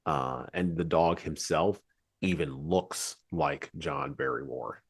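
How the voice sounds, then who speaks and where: Deep raspy guy rambling on his podcast, lots of little asides. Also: slow pace. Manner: digressive, chatty, many asides. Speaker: podcast host. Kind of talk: casual podcast commentary.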